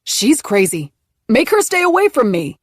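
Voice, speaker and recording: A woman voicing an angry, hot-tempered man who shouts indignant outbursts in an audiobook. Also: medium pitch, normal speed, no room sound, clean studio sound, close to an everyday voice.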